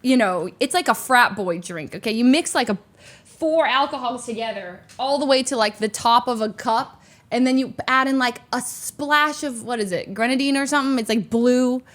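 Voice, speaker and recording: A woman chatting casually, laughing and protesting, with quick rambling asides. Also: fairly high pitch. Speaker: streamer reacting. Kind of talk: casual chat.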